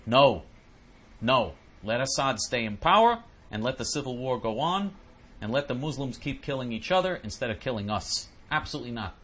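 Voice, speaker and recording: Male host, animated and indignant, tumbling over repeated words; a bright, breathy voice. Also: mid-range voice, moderate pace. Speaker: host answering listener questions. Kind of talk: ranting monologue.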